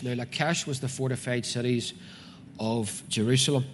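A Northern Irish man preaches to his congregation, reading scripture and explaining it in an earnest, conversational way. His mid-range voice holds a steady tone at a moderate pace, with a little hiss or hum. The sermon was recorded in a reverberant hall with faint ambience.

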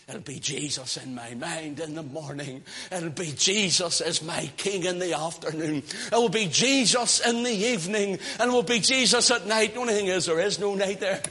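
A man from the British Isles preaching a fiery sermon in a church, swinging from hushed talk to shouted praise. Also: high-pitched, moderate pace, few pauses, slightly rough.

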